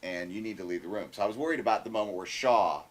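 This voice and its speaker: A man in his forties telling animated anecdotes in casual chat, restarting his sentences often. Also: lowish voice, fast talker. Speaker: guest filmmaker. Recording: faint background noise, live stream.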